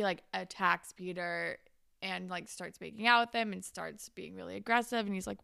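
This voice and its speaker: A young woman co-hosting a casual recap chat, retelling scenes with quick quoted voices and lots of fillers. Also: lowish voice, fairly even intonation, creaky, bright, forceful tone, clear, resonant tone, no room sound, studio quality. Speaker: podcast co-host.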